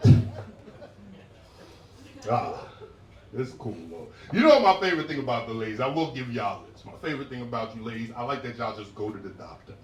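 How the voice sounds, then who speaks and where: A man doing a stand-up set, animated and jumping into high-pitched impressions of women, with crowd work. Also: brisk, a little hiss or hum. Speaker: stand-up comedian. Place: comedy club stage. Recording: roomy live club sound heard from a distance. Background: laughing audience.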